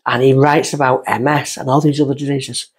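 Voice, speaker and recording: On a podcast, a woman appearing as a guest medium tells a long personal story, rambling and wandering off on tangents. Her voice is fairly quick and slightly rough, and her lively delivery jumps up in pitch whenever she gets excited.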